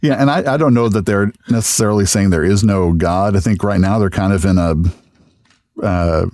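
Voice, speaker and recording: A man being interviewed as a guest, speaking casually in halting, reflective phrases with many fillers. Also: fairly low pitch, a little mellow, no echo, studio quality. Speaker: radio voice talent, guest.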